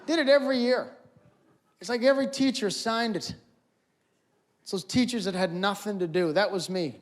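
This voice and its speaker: A man performing stand-up comedy on a stage, animated and acting out scenes. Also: a little high. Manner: animated, acts out voices and scenes. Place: auditorium stage before a live audience.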